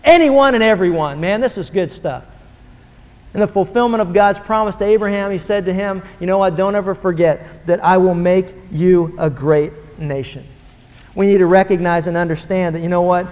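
A man's voice: high voice, a little mellow. A man preaching a fervent, emphatic sermon, acting out quoted dialogue as he goes. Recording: long hall reverb.

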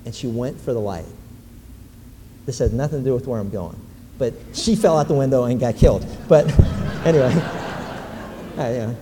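A man preaching a sermon, animated and emphatic, building to loud repeated exclamations. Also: mid-range voice, moderate pace, pauses often, a little hiss or hum. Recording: long reverb in a large hall, faint ambience.

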